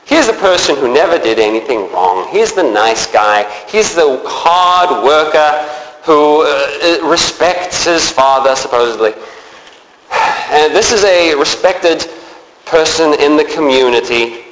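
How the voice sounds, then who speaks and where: A man preaching a sermon, lively and expressive, acting out characters in the story as he speaks. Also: on the high side, slow, slight background noise. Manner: animated, acts out biblical characters with changing voice. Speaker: pastor. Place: church sanctuary. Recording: echoey church hall, faint ambience.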